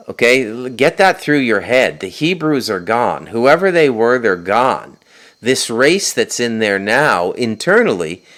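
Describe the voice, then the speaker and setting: Insistent man with a lively, swinging voice. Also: medium pitch. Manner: insistent, punctuating points with "okay?". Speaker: host and author. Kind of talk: spoken monologue.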